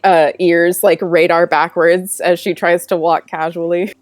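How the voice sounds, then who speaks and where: A woman's voice: on the low side, flat delivery, a little slow, no echo. A woman playing a tabletop game, casually describing her character with some amusement. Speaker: player.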